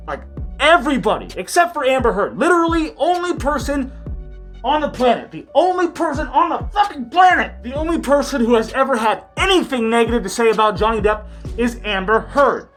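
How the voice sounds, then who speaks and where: Loud, sarcastic woman ranting. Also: a little high. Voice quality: slightly muffled by a face mask. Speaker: commentary vlogger. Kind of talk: ranting commentary.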